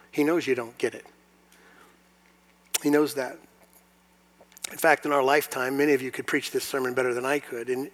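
Pastor, male, slightly high voice; emphatic sermon delivery with quiet asides and rhetorical questions. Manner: swings from quiet asides to loud emphatic preaching; asks the audience rhetorical questions. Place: church hall before a congregation.

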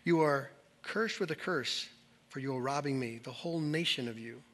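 A man's voice: mid-range voice, moderate pace, a bit bright. A man pastor preaching a conversational, emphatic sermon to a church service.

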